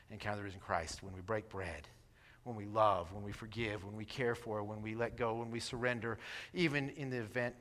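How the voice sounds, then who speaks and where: A man preaching a sermon as pastor, with dynamic delivery that swings from loud exclamations to soft, near-whispered prayer. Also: lowish voice, long reverb tail. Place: church sanctuary.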